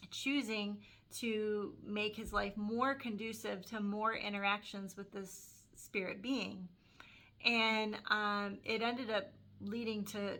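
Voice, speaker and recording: A woman giving an earnest, reflective faith testimony, pausing often with fillers as she speaks. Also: mid-range voice, bright, forceful tone. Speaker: Christian vlogger sharing a testimony. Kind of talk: personal faith testimony and scripture reading.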